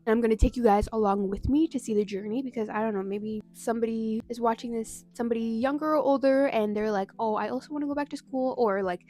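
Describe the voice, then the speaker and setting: A young woman in her twenties chatting to camera in a relaxed vlog. She talks in a candid, rambling way and laughs easily. Her voice sits a little higher than most women's. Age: 20s. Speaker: vlogger. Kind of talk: casual chat to camera.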